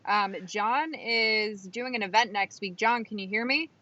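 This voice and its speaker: A woman's voice: mid-range voice, unhurried, crowd noise. A woman co-hosting a live show, chatting casually, giggling often and leaning on fillers. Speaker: co-host. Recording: dry, slightly dull lo-fi sound.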